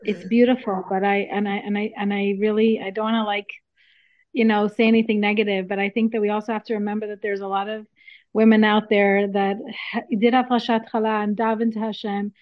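A woman's voice: medium pitch, level tone, brisk, no echo. A woman in a casual discussion who speaks hesitantly and carefully, with several restarts. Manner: hesitant, restarts before a serious point. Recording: dull, dry sound.

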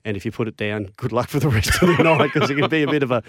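A middle-aged Australian man, a former rugby league player, telling lively stories in casual chat and acting out the quotes. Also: very fast, no room sound, clean studio sound. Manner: animated yarn-spinner, acts out quotes with big pitch jumps.

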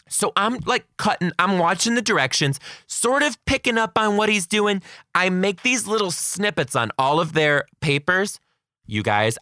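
A young man, a kindergarten teacher, telling funny stories from his class in a casual, animated way, swearing and acting out the kids. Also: fairly high pitch, no echo, clean studio sound. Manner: animated, swearing, acts out kids' voices. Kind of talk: casual storytelling.

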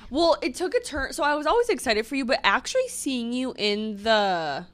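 Giggly young woman cohost, lively bright voice that jumps around a lot, casual podcast chat. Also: sits high, moderate pace. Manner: giggly, animated. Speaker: podcast co-host.

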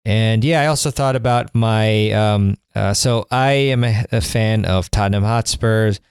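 A male podcast host with a low, smooth, resonant voice, recorded close and dry. He talks casually and eagerly, rambling through his thoughts with plenty of ums and restarts. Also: a little slow, no room sound. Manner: rambling, enthusiastic, many fillers and restarts. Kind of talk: casual conversational intro and interview.

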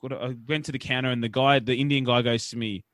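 A man's voice: mid-range voice, steady tone, quick pace, fairly bright tone, no room sound, studio quality. A man co-hosting a sports podcast, rambling and swearing as he tells stories in casual chat. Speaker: podcast co-host.

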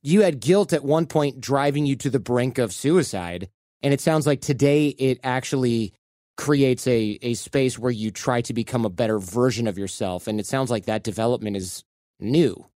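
A man hosting a podcast interview, telling a relaxed anecdote and thinking aloud. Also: mid-range voice, moderate pace, no echo, clean studio sound. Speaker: podcast host. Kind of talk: conversational interview.

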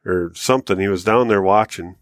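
Rambling, animated male podcast storyteller. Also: low-pitched, fairly quick, no echo, studio quality. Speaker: podcast co-host. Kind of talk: casual storytelling chat.

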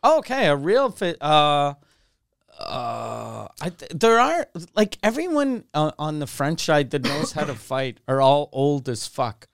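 A man's voice: fairly high pitch, sing-song, unhurried, vocal fry, no echo, clean studio sound. A man chatting casually as a podcast co-host, laughing often, swearing and restarting his sentences. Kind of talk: casual chat.

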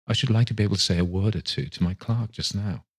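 A man's voice: lowish voice, fast talker, slightly rough, voice pushed up. A man reading a story aloud, voicing a young miser who answers defensively and impatiently. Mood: earnest.

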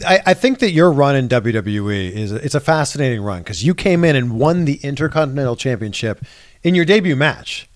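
Male interview host with a mid-range voice, dry close recording, relaxed questioning. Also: medium pitch, a little fast, no echo. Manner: curious, conversational questioning. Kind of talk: casual interview chat. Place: wrestling convention in New York.

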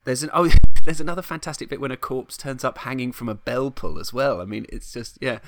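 A man's voice: mid-range voice, a little fast, no room sound. A middle-aged man, chatting casually on a podcast as he retells a film plot, enthusiastic and full of restarts. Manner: rambling, enthusiastic, many restarts. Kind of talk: casual chat.

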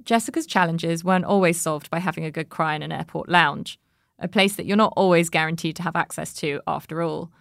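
A woman hosting, narrating in a measured, reflective way between interview segments and asking questions. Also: low-pitched, creaky, no echo, studio quality. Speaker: host, interviewer.

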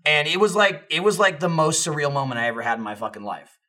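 A young man with a bright, slightly high voice tells a story on a podcast. He is animated and rambling, full of fillers and casual swearing. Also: quick pace. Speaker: podcast co-host.

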